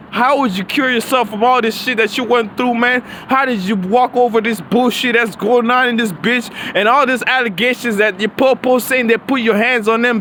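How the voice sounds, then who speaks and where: A man's voice: very high-pitched, sharp tone. A man giving a profane, preachy, rambling monologue with lots of slang, recorded outdoors near traffic. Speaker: vlogger.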